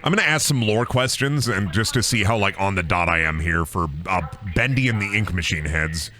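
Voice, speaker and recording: Brisk and animated, a low-voiced man with a sharp tone provides casual live-stream chat while playing a game. He jokes, swears, and puts on silly sing-song voices.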